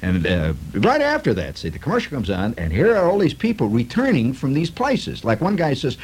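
Husky, animated man in a sarcastic monologue. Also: medium pitch, a little fast, few pauses, poor audio. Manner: animated, sarcastic storytelling with many fillers. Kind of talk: comic monologue.

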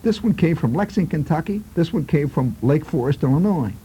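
A man voicing an eager, gullible middle-aged mother, talking high and fluttery. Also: animated, brisk, mellow, slightly rough.

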